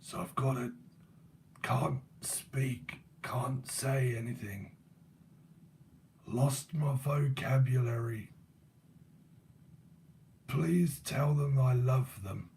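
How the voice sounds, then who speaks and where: A man voicing the spirit of an old man who has lost his voice, speaking in a harsh, halting near-whisper. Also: mid-range voice, creaky, distant mic, slight background noise. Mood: faint, apologetic. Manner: halting, apologetic, quiet. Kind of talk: psychic channeling.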